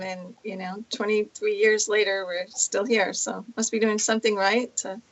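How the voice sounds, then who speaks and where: A woman's voice: mid-range voice, little pitch movement, moderate pace, few pauses, fairly bright tone, a little hiss or hum, low-quality recording. A middle-aged woman from New York, a guest on a talk show, chatting in an emotional, rambling way with laughs. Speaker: guest, healing center owner. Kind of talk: casual interview chat.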